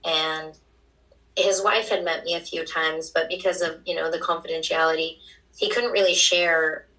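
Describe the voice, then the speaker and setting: A young adult woman, a guest on a talk show, telling an emotional personal story at a quick pace. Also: low voice, steady tone, pushed and bright, recorded from a distance, rough recording.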